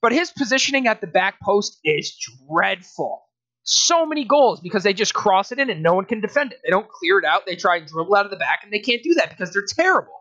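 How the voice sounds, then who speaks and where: A man's voice: high voice, sing-song, fast, sharp tone, dry recording, highs cut off. A young man co-hosting a casual sports podcast, ranting in exasperation, laughing and restarting his sentences. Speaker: podcast co-host.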